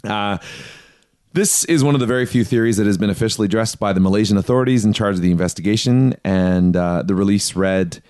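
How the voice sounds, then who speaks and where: A man with a low, smooth and resonant voice hosts a casual podcast. He reads from his notes in a quick, offhand way and laughs at his own stumbles. The sound is close and dry. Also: a little mellow, no echo. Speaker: podcast host. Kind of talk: casual conspiracy podcast chat.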